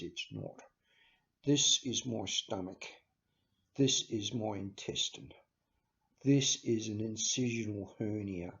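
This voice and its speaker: A man hosting his own vlog, talking in a halting way with many restarts and stammers and sounding emotional. He records on a handheld camera. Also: on the low side, creaky. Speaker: channel host. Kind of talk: casual farewell vlog. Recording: slightly dull lo-fi recording.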